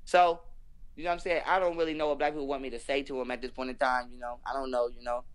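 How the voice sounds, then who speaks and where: Fast-talking, profane man ranting. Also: medium pitch, flat delivery. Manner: profane, emphatic, preachy ranting. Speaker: podcast guest. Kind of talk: heated casual conversation.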